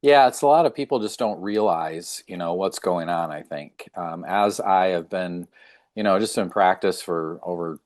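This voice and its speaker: A middle-aged man with a very low, deep voice. He speaks casually as a chiropractor guest. He tells stories with animation and puts on the voices of the people he quotes. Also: normal speed. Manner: animated storyteller, acts out quoted dialogue. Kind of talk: casual interview talk.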